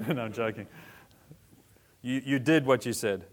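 A man in his forties preaching a sermon as a pastor, animated, joking with the congregation and swinging between soft and loud. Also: medium pitch, a little slow. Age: 40s. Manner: animated, varies loudness, jokes with congregation.

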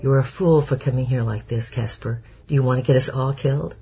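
Guy reading as nervous friend, hushed urgent warnings, rough dark voice. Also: medium pitch, steady tone, a little fast. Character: cautious middle-aged man, hushed and urgent.

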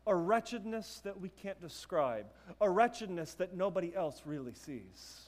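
A man's voice: high voice, expressive, moderate pace. A young adult man preaching a sermon in a conversational way, tossing rhetorical questions and casual asides to the congregation. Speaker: pastor.

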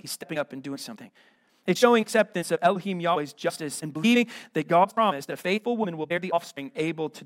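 A middle-aged American pastor preaching a sermon, emphatic and full of rhetorical questions. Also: male voice, sits high, fairly bright tone, no room sound.

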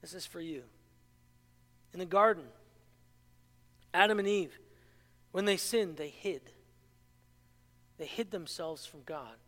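A man delivers an impassioned sermon in a strikingly high voice. His tone is bright and forceful, and it rings out with a long reverb as if in a large church hall. He leans on rhetorical questions and pokes fun at himself. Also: slow pace, long pauses. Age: adult, married. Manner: self-mocking humor with laughter. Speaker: pastor.

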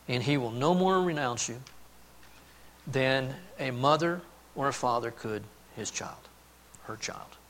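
A man preaching a sermon, telling a family story and then speaking earnestly and softly about God's love. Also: mid-range voice, unhurried, pauses often, a little hiss or hum. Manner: storytelling, then earnest and hushed on key points. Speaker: pastor.

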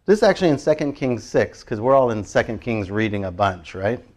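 A man preaching a casual, animated sermon, chatty and laughing often as he acts out little prayers. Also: medium pitch, fairly quick. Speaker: pastor.

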